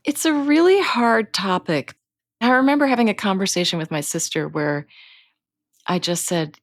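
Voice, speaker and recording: A middle-aged woman, a guest author, telling personal stories in an earnest, unhurried way. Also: medium pitch, animated, dry recording, clean studio sound. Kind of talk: reflective personal storytelling.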